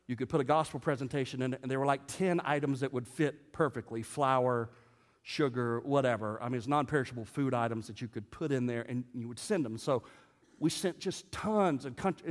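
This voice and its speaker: Pastor preaching in a reverberant hall. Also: male voice, medium pitch. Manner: conversational and humorous, rising to emphatic preaching. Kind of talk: sermon. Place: church sanctuary.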